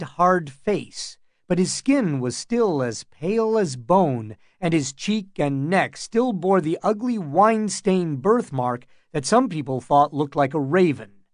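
Male audiobook narrator; slow, even storytelling, dry studio sound. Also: fairly high pitch, no room sound. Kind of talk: scripted fantasy narration.

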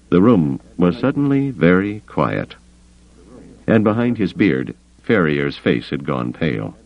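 A man reading a story aloud in an expressive manner, slipping into character voices. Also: low-pitched, unhurried, gravelly. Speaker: audiobook narrator. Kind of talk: scripted narration. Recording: dull lo-fi recording.

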